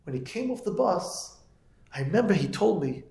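A man's voice: high-pitched, big pitch swings, normal speed, creaky, darkish tone. A man teaching his students, telling a story and then preaching a moral lesson, his speech full of Yiddish and Hebrew terms. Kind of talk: Torah lecture with storytelling. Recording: echoey room.

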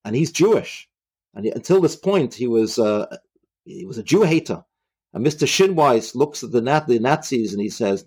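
A man retelling a religious story in a halting way, often repeating himself. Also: mid-range voice, lively intonation, darkish tone, slightly rough.

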